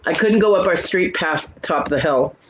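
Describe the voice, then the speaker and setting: A woman in her forties hosts a casual chat, telling stories loosely and acting out the back-and-forth of quoted exchanges. Her voice sits on the low side and moves a little fast, and the audio is dull with a little hiss or hum.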